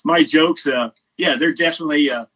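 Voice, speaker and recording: A man's voice: fairly high pitch, a little fast, slightly rough. Effusive man on a lo-fi line. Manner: effusive, rambling with many fillers. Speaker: podcast guest; comedian. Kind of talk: casual chat.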